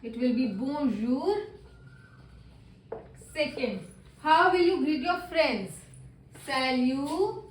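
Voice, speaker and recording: Teaching beginner French, a woman with a high voice and lively intonation patiently works through worksheet answers, repeating each, in slightly non-native English. She speaks slowly with long pauses, recorded from a distance with roomy echo and her voice a little off-mic.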